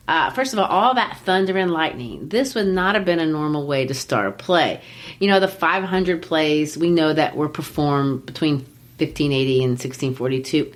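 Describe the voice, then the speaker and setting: Woman host breaking down a play, teacher vibes, lots of "you know", lowish voice. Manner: lively teacherly explaining, says "you know" often. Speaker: podcast host and literature teacher. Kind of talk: explanatory podcast discussion.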